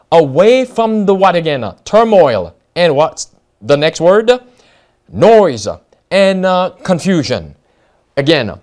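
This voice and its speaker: A man's voice: high-pitched, a little mellow. An American man preaching a Bible study sermon, reading passages aloud with many fillers and restarts, stressing key words.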